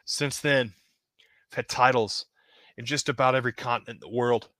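A man's voice: medium pitch, fairly even intonation, moderate pace, fairly bright tone, dry recording, natural voice. A man voicing a scrappy, determined wrestler in an earnest promo.

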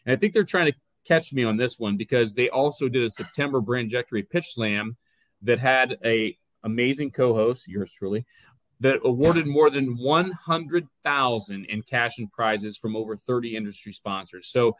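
An upbeat man co-hosting a live business chat show, mid-pitched and easygoing. He switches into a polished radio voice for the sponsor read, with a dry, close sound and no room around it. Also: moderate pace, a bit bright, no room sound, poor audio. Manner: upbeat, reads sponsor copy in a put-on radio voice. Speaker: podcast co-host.

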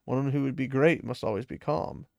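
A haughty noblewoman lectures coolly in lofty, chiding phrases, as a man voices her in a story recap. The voice stays low and gravelly, and the sound is close and dry. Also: moderate pace, dry recording, lo-fi sound, close to an everyday voice.

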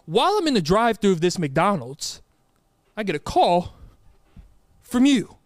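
Animated young man telling a story. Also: high voice, a little slow, no echo. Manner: animated storyteller acting out quotes, laughs often. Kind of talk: casual storytelling chat.

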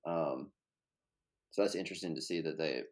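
Co-host, man, very deep voice, easygoing, hedges as he talks. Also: normal speed, a crowd in the background. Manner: relaxed, thinks aloud with hedges. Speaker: podcast co-host. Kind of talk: casual chat.

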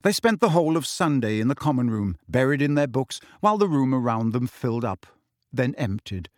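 Reading an audiobook aloud, a man narrates with expressive storytelling at a medium pitch and slightly fast pace. The scripted narration is recorded dry, in studio quality.

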